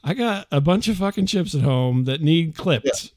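A middle-aged man tells a rambling, profane story as a podcast host, talking casually. His voice sits a little high and swings widely in pitch. The recording is dry and close. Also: expressive, moderate pace, darkish tone, no echo.

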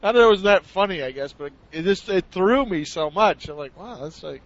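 A man's voice: high-pitched, animated, fairly quick, no room sound. A man with a somewhat raised voice tells a rambling story in casual comedic chat. He acts out the noises he heard along the way. The recording is dull and lo-fi. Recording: dull lo-fi sound.

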